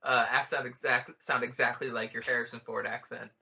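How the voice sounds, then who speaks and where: A man's voice: medium pitch, little pitch movement, fairly quick, gravelly, pushed and bright, husky, dull audio. A man co-hosting a podcast, chatting casually and jokingly over a film, swearing often. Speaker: podcast co-host. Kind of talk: casual film commentary chat.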